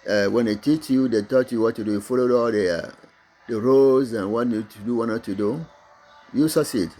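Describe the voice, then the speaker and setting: A middle-aged Togolese business owner whose first language is Mina speaks accented English, giving a halting motivational talk about his own business. His voice is mid-range and warm, and he keeps restarting and using fillers.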